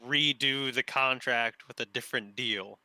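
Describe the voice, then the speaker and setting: A man's voice: medium pitch, a little slow, a crowd in the background. A man playing a tabletop game, eagerly thinking aloud in casual chat. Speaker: player.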